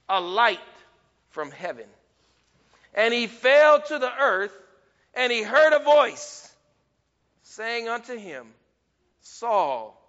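Speaking slowly in a high, bright voice, a man preaches a sermon with force, building to near-shouts and then sinking quiet. Each phrase trails off into long reverb on a dull, muffled recording.

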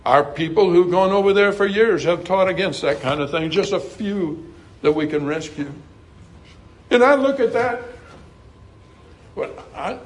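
High-voiced earnest preacher man. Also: a little hiss or hum. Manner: earnest, folksy, swings from loud emphasis to hushed asides. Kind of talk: sermon.

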